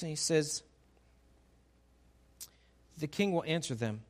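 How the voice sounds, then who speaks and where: A man's voice: on the high side, lively intonation, slow, pauses often. A man preaching a sermon, who reads scripture and acts out its dialogue with playful humor. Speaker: pastor.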